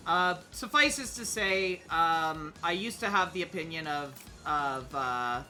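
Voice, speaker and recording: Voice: mid-range voice, sing-song, a little slow, hardly any pauses, bright, forceful tone, soft background music. A streamer chatting casually while playing a game, hesitant with many fillers and restarts, sometimes humming tunes. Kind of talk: casual gaming stream chat.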